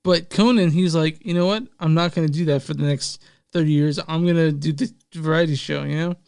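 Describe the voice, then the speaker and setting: Smooth, fairly high-voiced guy co-hosting a chill podcast, rambly, swears casually. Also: fairly even intonation, fairly quick, darkish tone, no room sound, studio quality. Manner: rambling, lots of fillers, laughs easily, swears casually. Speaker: podcast co-host and editor.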